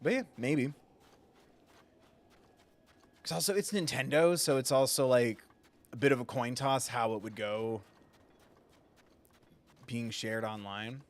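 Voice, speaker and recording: Man, gaming livestreamer, casual rambling talk, cusses a lot, mid-pitched voice. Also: a little slow, long pauses. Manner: rambling, swears freely. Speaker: gaming streamer. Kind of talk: casual live gameplay commentary.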